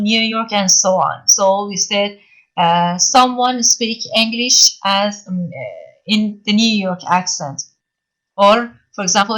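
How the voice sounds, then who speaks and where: Slow-speaking woman lecturing online. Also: mid-range voice, fairly bright tone, low-quality recording. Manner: slow, with frequent fillers and repeated words.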